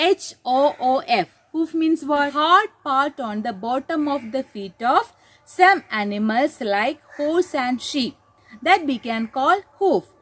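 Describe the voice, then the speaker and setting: A woman's voice: sits high, rough recording. A woman kindergarten teacher with an Indian English accent tells a story to young children, explaining and spelling out words.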